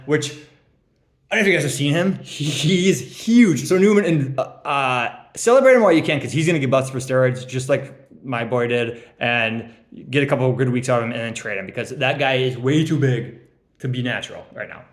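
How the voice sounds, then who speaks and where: A young man's medium-pitched voice comes through slightly fast and reverberant as he roasts his fantasy league buddies while giving out draft grades. It's casual joking, full of teasing, rambling, ums, and laughter at his own gags.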